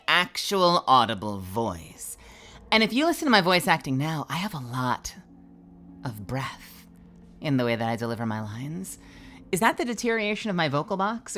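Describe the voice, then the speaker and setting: A woman's voice: very deep voice, a bit bright. A woman streaming live as a voice actor, talking candidly and self-deprecatingly in a rambling, casual way and swearing now and then. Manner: rambling, with frequent fillers and restarts. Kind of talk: casual livestream chat.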